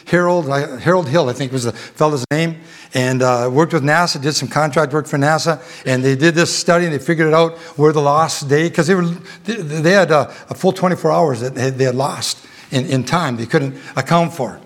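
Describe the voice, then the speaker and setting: A middle-aged man with a fairly high voice preaches a sermon. He stumbles at first with restarts and fillers, then builds into fervent emphasis.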